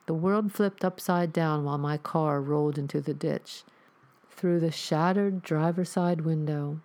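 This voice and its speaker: Female horror narrator, dark mellow tone, steady reading. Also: low-pitched, vocal fry. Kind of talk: scripted horror story narration.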